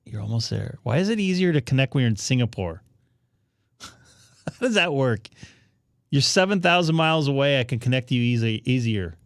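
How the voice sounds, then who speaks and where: A man hosting a casual live stream about amateur radio, chatting to viewers while he troubleshoots his setup out loud. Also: mid-range voice, expressive, normal speed, pauses often, no room sound, clean studio sound.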